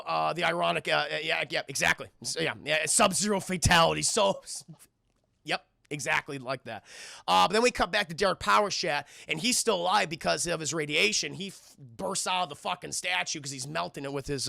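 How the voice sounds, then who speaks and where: A man giving a casual, excitable and profane commentary as a cartoon reviewer, often talking to his chat. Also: fairly high pitch, creaky, dry recording, clean studio sound.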